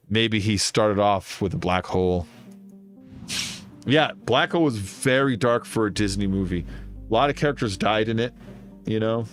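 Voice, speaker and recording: A man streaming a game, chatting casually and telling long, rambling stories full of fillers. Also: on the low side. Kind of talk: casual chat while gaming.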